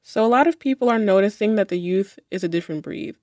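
Woman posing measured rhetorical questions. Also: medium pitch, a little mellow, no echo, studio quality. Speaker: host. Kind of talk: reading scripted questions.

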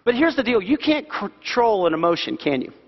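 High-voiced pastor in a reverberant hall. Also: male voice, a little fast. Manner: animated, repeats key phrases for emphasis. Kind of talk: sermon. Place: church sanctuary. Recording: dull sound with long hall reverb.

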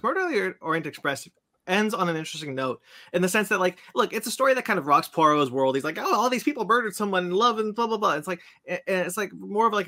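A man on a podcast telling a long, animated story about a movie he saw and acting out its scenes. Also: a little high. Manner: animated storyteller, acts out scenes in silly voices. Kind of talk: casual chat, movie rant.

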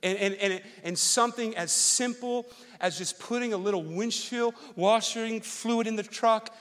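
A man preaching as pastor, telling an animated personal story that swings from loud rants to quiet, earnest reflection. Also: high-pitched, unhurried. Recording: long hall reverb.

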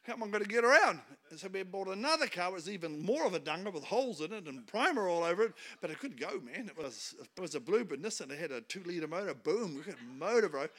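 A man's voice: high-pitched, very animated, quick pace, hardly any pauses. A middle-aged man with a New Zealand accent, preaching as a guest speaker and telling funny stories, laughing at his own jokes. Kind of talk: storytelling sermon.

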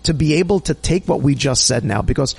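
A man's voice: on the high side, a little fast, creaky, husky. A man hosting a podcast in casual chat, talking with a lot of energy and mixing in Hebrew religious terms. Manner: animated, chatty, warm religious Jewish talk with Hebrew terms. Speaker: podcast host. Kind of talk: casual chat and read sponsor ad.

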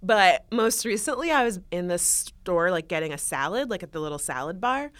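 A woman's voice: on the low side, moderate pace, dry recording. A woman co-hosting a casual studio chat, telling stories animatedly and acting out arguments with lots of swearing. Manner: animated storytelling, acts out arguments, swears often. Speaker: podcast co-host.

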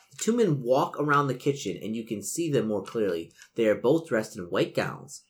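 A man's voice: mid-range voice, lively intonation, normal speed, hardly any pauses. A man acting as game master, reading a gamebook's narration to his players with dry asides.

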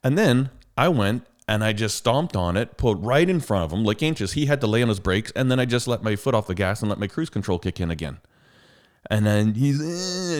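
A man telling driving stories in casual chat, acting out rants at other drivers. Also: fairly low pitch. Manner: animated storytelling, acts out rants at other drivers.

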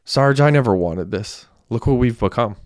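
A man's voice: medium pitch, expressive, normal speed, clear, resonant tone, no room sound, clean studio sound, lightly acted. A man voicing a volatile young man who has just killed someone, in lightly acted audiobook dialogue. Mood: shaken. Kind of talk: audiobook character voice.

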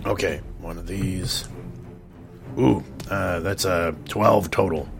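A man's voice: low-pitched, steady tone, slow, gravelly, over music. A man playing a tabletop game, talking in a hesitant, stammering way. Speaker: player. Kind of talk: casual tabletop game play.

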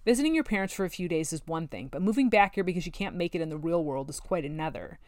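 A woman voicing a spiteful, loud and sneering small-town woman in a storybook. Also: on the low side, lively intonation, fast talker, no room sound, clean studio sound, close to an everyday voice.

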